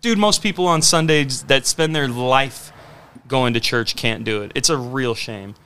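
A man co-hosting a podcast in casual chat, animated and profane, acting out quotes as he talks. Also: mid-range voice, unhurried, smooth. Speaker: podcast co-host.

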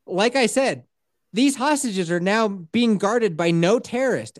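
Woman podcast co-host, lively swooping pitch, dry close sound, casual and profane movie recap. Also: a little slow, no room sound. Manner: animated, profane retelling with acted-out quotes. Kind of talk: casual chat, movie review.

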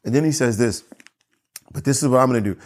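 A man preaching to his church, earnest and emphatic, slowing down on key phrases and correcting himself as he goes. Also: mid-range voice, darkish tone. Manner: earnest preaching with pauses, slow emphatic repeats; self-correcting asides. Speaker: pastor. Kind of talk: sermon.

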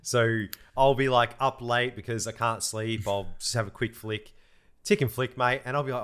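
A man's voice: mid-range voice, steady tone, moderate pace, fairly bright tone, clear, resonant tone. A man, co-hosting a podcast and teasing his friend with lots of laughs. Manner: teasing, laughing, says "mate" a lot. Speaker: podcast co-host. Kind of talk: casual chat.

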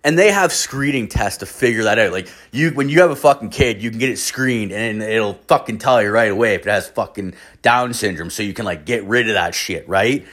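A man telling a rambling anecdote in casual talk, swearing heavily and filling every pause with "like", partly from a bathroom. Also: fairly low pitch, a bit bright. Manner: rambling, heavy swearing, constant "like" fillers. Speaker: storyteller. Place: bathroom, mid-story.

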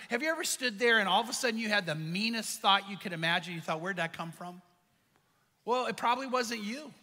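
High, bright-voiced preacher in a hall. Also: male voice. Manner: earnest, conversational preaching with rhetorical questions. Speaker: pastor. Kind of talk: sermon.

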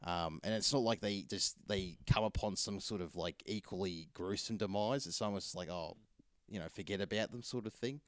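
A deep-voiced film reviewer chats casually about movies at a normal speed, rambling with plenty of fillers and restarts. The sound is clean and studio-made, with no echo.

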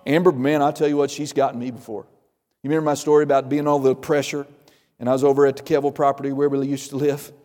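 A pastor preaching a sermon, telling stories and acting out the voices of the people in them, with emphatic delivery. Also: male voice, medium pitch, flat delivery, quick pace, a little mellow, in a large hall. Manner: storytelling, acts out quoted voices, emphatic.

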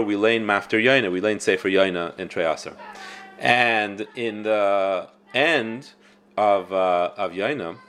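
A man teaching a Torah class on scripture. He speaks in an animated way and often repeats words while he thinks. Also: medium pitch.

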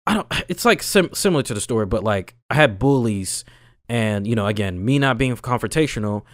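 A young man in casual chat, telling a story with lively, swooping pitch, slangy and animated, jumping between loud bursts and low mutters. The sound is dry and close, with no room around him. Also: a little fast, no room sound. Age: young adult.

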